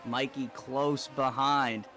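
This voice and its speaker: A man co-commentating a live online racing league, reflecting on the race with halting speech, repeated words and many fillers. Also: mid-range voice, little pitch movement, bright, forceful tone, slight background noise.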